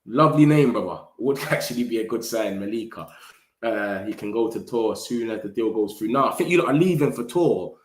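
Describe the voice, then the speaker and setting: A man hosting a fan live stream, reading comments in slangy, animated chat. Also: lowish voice, fairly quick, reverberant, slight background noise. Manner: slangy, animated, hypes viewers. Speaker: fan channel host.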